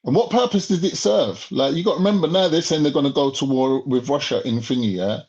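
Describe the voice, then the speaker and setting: A man's voice: on the high side, quick pace, darkish tone, highs cut off. A young man, ranting in a heated, profane way and firing off rhetorical questions. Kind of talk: casual podcast rant.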